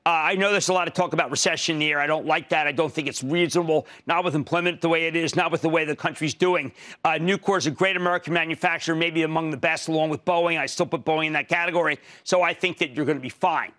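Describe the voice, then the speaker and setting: A man's voice: fairly even intonation, fast. A man in his sixties hosting a stock market TV show, giving emphatic, punchy commentary and taking callers. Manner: emphatic, punchy, jumps between loud and low.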